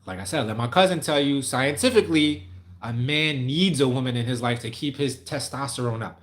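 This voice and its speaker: A man's voice: medium pitch, fairly quick. A man on a casual livestream answering viewer questions, rambling, candid and profane.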